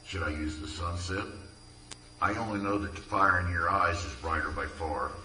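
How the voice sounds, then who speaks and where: A man's voice: low-pitched, normal speed, pushed and bright, a little hiss or hum. A man earnestly reading his own poems aloud at a community event, tender and heartfelt. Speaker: poetry reader. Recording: echoey room from far off.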